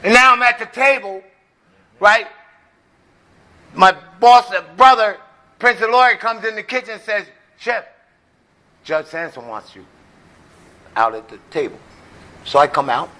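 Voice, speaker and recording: Bright-voiced man telling his story. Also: sits high, expressive, unhurried, long pauses. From United States. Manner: storytelling, punctuated with "right?". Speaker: recovery meeting speaker. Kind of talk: personal testimony with jokes.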